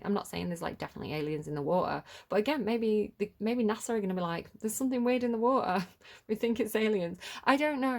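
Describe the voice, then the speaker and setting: A chatty woman talks her way through a collective tarot reading. She rambles, restarts her sentences and fills gaps with ums and likes, her pitch sitting in the middle range for a woman. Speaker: tarot reader.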